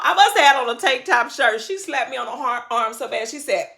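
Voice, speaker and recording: A woman vlogging a personal story in a casual, slangy way, often laughing and jumping into high excited exclamations. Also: fairly quick, creaky, hardly any pauses, a little hiss or hum. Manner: animated, laughing, breaks into high squealing exclamations; slangy, conversational, addresses viewers directly.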